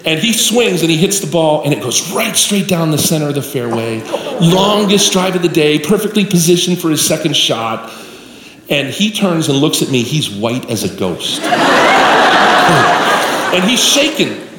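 A man's voice: on the high side, sing-song, moderate pace, crowd noise. A male pastor preaching a sermon with folksy storytelling, addressing the congregation directly. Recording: echoey live hall with room noise.

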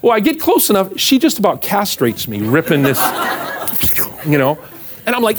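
A middle-aged man preaching as a pastor, telling a funny story about himself. His voice sits a little high for a man and swings widely as he acts out the people in the tale. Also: moderate pace, slight background noise. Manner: animated, self-mocking storyteller acting out voices. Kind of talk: storytelling sermon.

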